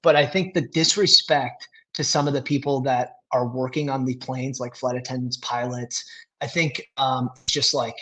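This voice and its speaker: A man's voice: medium pitch, steady tone, moderate pace, sharp tone, low-quality recording. A man talking casually as a podcast guest, rambling with lots of fillers and restarts.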